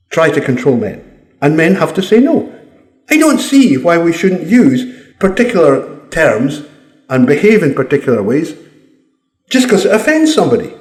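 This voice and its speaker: A man's voice: fairly high pitch, a little mellow. A Scottish man giving a blunt, combative opinion monologue, swearing freely. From Scotland. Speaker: commentator. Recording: roomy echo.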